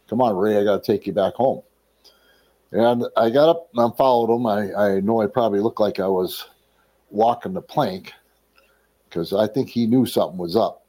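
A middle-aged man from Wisconsin telling his life story as a testimony, animated and acting out the people he quotes. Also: lowish voice. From Wisconsin, USA. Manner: animated storyteller who acts out quoted people and often clears his throat.

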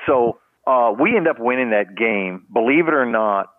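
Over a tinny, phone-like line with a dry, echo-free sound, an older retired sports trainer speaks as a guest on an interview podcast. His mid-range voice is animated and moves at a normal pace as he spins rambling anecdotes, restarting often and saying "you know" a lot.

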